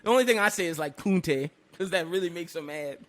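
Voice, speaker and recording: A man co-hosting a casual podcast, telling a story with animated energy, laughing often and breaking into loud bursts. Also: fairly high pitch, fairly quick. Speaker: podcast co-host.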